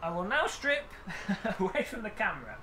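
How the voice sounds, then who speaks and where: A man's voice: sits high, wildly swooping pitch, normal speed, pushed and bright, slight background noise. Chatty man streaming a race. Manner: chatty, jokey, reads chat aloud. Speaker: sim racing streamer. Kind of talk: live stream commentary while racing.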